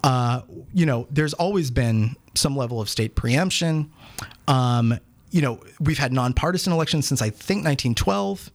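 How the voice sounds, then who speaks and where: A man in his thirties from the Pittsburgh area, a guest on a radio talk show. He rambles along at an ordinary pitch, filling pauses with plenty of "uh"s and "you know"s. He pokes gentle fun at himself as he goes. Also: lively intonation. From Pittsburgh area, Pennsylvania. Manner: rambling, self-deprecating, lots of fillers. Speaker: academic guest. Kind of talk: casual radio interview.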